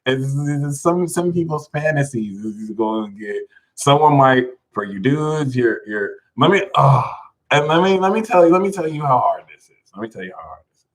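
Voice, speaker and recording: A man's voice: a little high, lively intonation, moderate pace, rough recording. A man hosting a casual livestream, talking animatedly, laughing a lot and reading viewers' names from the chat. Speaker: livestream host.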